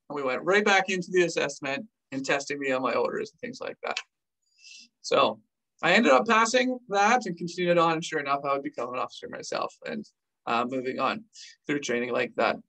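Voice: mid-range voice, recorded from a distance, low-quality recording. A former army officer telling a war story on a vlog, acting out the scenes with gestures. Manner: animated, acts scenes out with gestures.

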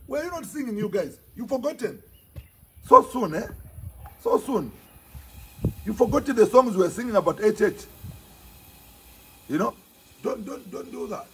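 A Zambian man speaks as a provincial party chairman, lecturing his opponents with insistent repetition. His voice is strongly husky and raspy and sits a little high for a man. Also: sing-song, normal speed, pauses often. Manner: emphatic, scolding, repeats phrases for force. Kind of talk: impassioned political speech to the press.

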